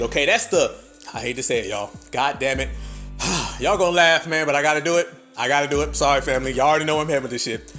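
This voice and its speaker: A man's voice: fairly high pitch, fairly bright tone. A man hosting a podcast, giving blunt, profane, combative commentary. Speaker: podcast host.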